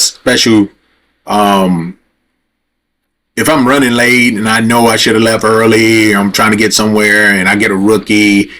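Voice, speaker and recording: A man's voice: on the low side, fairly bright tone. A man hosting a livestream, telling a story in a rambling, conversational way straight to his viewers, and growing heated and profane as he retells a confrontation. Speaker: livestream host.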